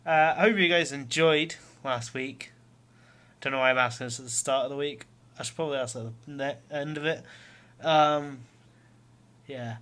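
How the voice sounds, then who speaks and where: A man's voice: mid-range voice, moderate pace, fairly bright tone. Rambling, sweary Scottish man vlogging. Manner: rambling, sweary, lots of fillers; self-mocking with chuckles. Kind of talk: casual diary vlog.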